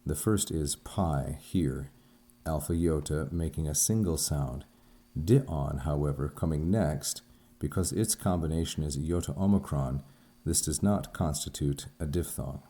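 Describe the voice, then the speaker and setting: Very deep, slow-speaking male teacher. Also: warm tone. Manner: slow, measured, careful spelling-out of sounds. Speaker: Greek teacher. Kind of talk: recorded lesson lecture.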